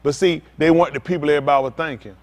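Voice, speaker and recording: A fiery man preaching, his voice sitting fairly high. He speaks bluntly and rousingly, trading calls and responses with his congregation. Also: fairly even intonation, very fast. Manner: preaching loudly with call-and-response, earthy and blunt. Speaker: pastor. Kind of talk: sermon.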